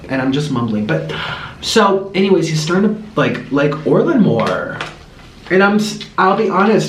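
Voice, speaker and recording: A man rambles to his camera in a casual vlog, his voice sitting a bit high and leaping up and down in an animated way. The room around him is echoey. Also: slight background noise. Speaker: vlogger.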